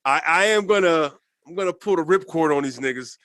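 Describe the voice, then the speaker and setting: A man's voice: on the high side, animated, brisk, fairly bright tone. A man co-hosting a casual podcast, laughing often and swearing in loose, joking talk. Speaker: podcast co-host.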